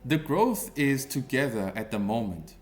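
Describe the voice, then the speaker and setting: A man in his thirties delivers a ranting commentary in a mocking, confrontational way, leaning on slang. He talks at a slow, deliberate pace, with faint music playing behind him. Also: mid-range voice, very animated. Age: 30s. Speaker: online commentator.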